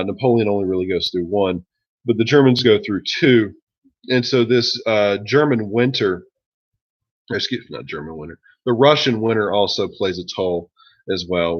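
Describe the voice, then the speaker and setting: Low-voiced casual male history teacher. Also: highs cut off. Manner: casual and joking, many ums and uhs. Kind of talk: classroom lecture.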